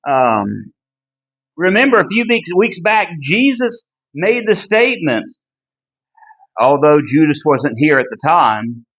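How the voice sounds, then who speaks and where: A man teaching a Bible class, earnest and emphatic, with a deliberate delivery and small restarts. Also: a little high, sing-song, fairly bright tone, low-quality recording. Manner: earnest and emphatic, pleading in tone when driving a point home. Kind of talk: Bible study lesson.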